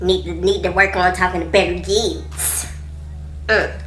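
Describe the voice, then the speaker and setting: A woman voicing a condescending country man, an officer, who scolds in a slow, loud drawl with a rural Southern accent. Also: on the low side, steady tone. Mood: scolding. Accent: Southern US rural, put on. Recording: echoey room.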